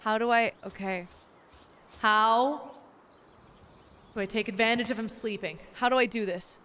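High-voiced sick woman streaming a game. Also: unhurried, pauses often, a bit bright. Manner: playful, swears a lot, calls viewers darlings. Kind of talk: casual gaming stream chat.

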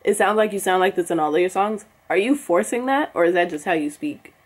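Young woman, reaction host, husky and talkative, casual commentary. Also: fairly low pitch, lively intonation, brisk. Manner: baffled, chatty, drops to a whisper at times.

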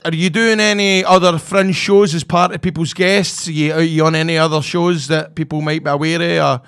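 A Scottish man co-hosts a casual podcast chat and chips in with boisterous jokes. His high voice is gravelly and bright, and the recording sounds dry. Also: steady tone, moderate pace, no echo. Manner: boisterous, joking interjections. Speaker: podcast co-host.

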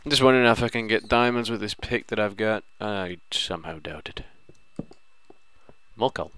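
Brief: young male let's-player, self-mocking and chatty, lowish voice. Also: animated, moderate pace, a bit bright, clear, resonant tone, no room sound. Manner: playful, rambling, self-mocking. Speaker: gaming video host. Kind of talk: let's-play commentary.

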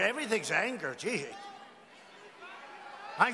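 High-voiced male rally speaker, rambling and mocking; podium mic in a big echoey hall with a long tail and faint ambience. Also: big pitch swings, normal speed, long pauses, bright, forceful tone, slight background noise. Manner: rambling, mocking, conversational asides to the crowd. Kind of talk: campaign rally speech. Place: large indoor arena rally.

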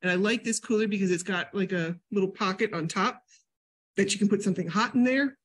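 An older woman from New England giving a casual health talk at a library, a chatty, animated storyteller. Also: medium pitch, fairly quick, slight background noise. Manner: chatty, animated storyteller with sudden loud jumps and laughs. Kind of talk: casual lecture with personal stories.

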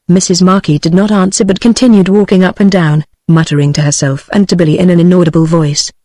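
A woman's voice: lowish voice, steady tone, fast talker, hardly any pauses, dark tone, no echo, poor audio. Synthetic British woman reading an audiobook. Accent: British English. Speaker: audiobook narrator. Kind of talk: text-to-speech audiobook narration.

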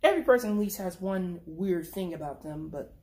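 A woman reading her own dark short story aloud in the first person, in a brooding, conversational way. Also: lowish voice, animated, fairly quick. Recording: echoey room.

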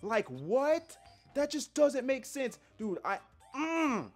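Young male gaming creator, lively trash-talk commentary, faint music bed. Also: very high voice, takes it slowly. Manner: excitable, trash-talking, swings from yelps to mutters. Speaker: gaming YouTuber. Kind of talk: gameplay commentary.

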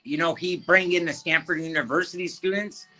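A man giving a fervent personal faith testimony in an interview, halting and often repeating his words. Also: on the high side, fairly even intonation, sharp tone, low-quality recording.

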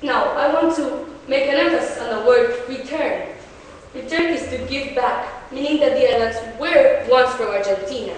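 A teenage woman speaks in a slightly high, earnest voice, explaining her debate case with frequent hesitations. She is caught by a distant mic, her words washing through a big echoey hall over a faint hiss. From Chile. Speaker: student debater. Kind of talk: competitive debate speech.

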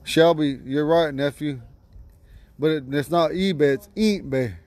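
A man teaching vocabulary to a class outdoors at home, patiently repeating each word slowly. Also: on the high side, a little mellow, no room sound. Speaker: language teacher.

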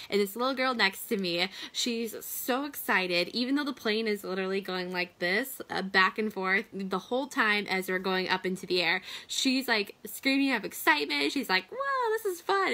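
A woman's voice: medium pitch, pushed and bright. A woman in a casual live video chat as a business coach, talking loosely with many fillers.

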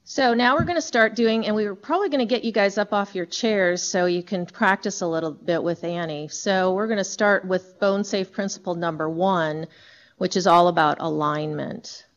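A woman's voice: medium pitch, moderate pace, lo-fi sound. A woman presenting an informal health talk in a company talk room, explaining frankly and casually.

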